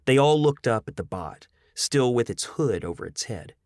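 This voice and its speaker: Casting note: male audiobook narrator, mid-pitched, animated and expressive, dry close sound. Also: normal speed, dry recording. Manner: dramatic, expressive storytelling.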